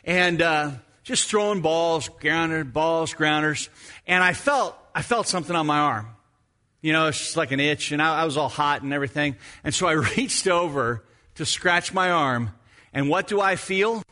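Weaving a personal story into his sermon, a middle-aged pastor brings it to life by acting out his own moments. He talks at a normal speed in a bright, forward voice that sits high for a man.

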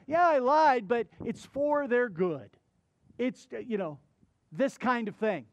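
A male pastor delivering a sermon in a conversational, animated style, retelling a story with asides to the congregation. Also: high-pitched, no room sound.

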